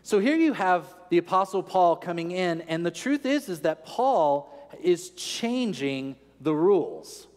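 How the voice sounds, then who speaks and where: A man's voice: high-pitched, sing-song, unhurried, few pauses, a little mellow. A man preaching a sermon in an earnest teaching tone, asking rhetorical questions. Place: large church sanctuary. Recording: long church reverb.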